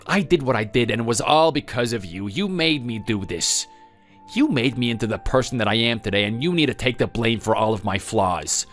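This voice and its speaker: A bitter, self-pitying grown son who pins every failure on his mother, as a man voices him. The voice is mid-pitched and swings widely. Faint music plays under the voice-over. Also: lively intonation, fairly quick, fairly bright tone, lightly acted. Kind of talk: texting-story voice-over.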